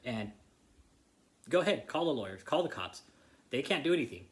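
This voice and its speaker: A man's voice: mid-range voice, sing-song, normal speed. A man vlogging an angry, profane rant straight to the camera, repeating himself and confronting someone by name. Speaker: vlogger exposing a church.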